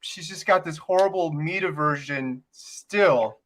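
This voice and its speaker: A man with a fairly high, bright voice chats on a video call. He is earnest and rambles a little, correcting himself as he goes. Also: a little slow. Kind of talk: casual live-stream chat.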